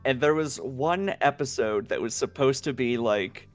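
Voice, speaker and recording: A man's voice: mid-range voice, normal speed, faint music behind. A man co-hosting a live stream, telling a rambling story with plenty of swearing and giggles. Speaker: co-host on a stream. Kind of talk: casual anecdote-telling.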